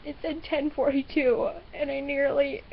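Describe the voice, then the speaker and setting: A teenage girl crying and sniffling through a halting webcam apology, repeating herself. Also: sits high, flat delivery, muffled recording, slight background noise. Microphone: webcam built-in mic.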